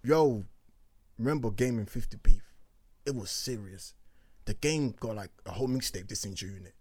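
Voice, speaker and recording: A man, excitable and slangy, who keeps repeating himself in a casual podcast chat. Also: fairly low pitch, normal speed, breathy edge, dry recording. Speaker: podcast co-host.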